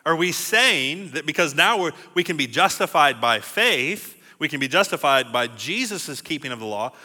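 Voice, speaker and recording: A man's voice: on the high side, big pitch swings, moderate pace, sharp tone. A male pastor teaching a sermon in a conversational way, building to emphatic rhetorical questions. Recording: long hall reverb.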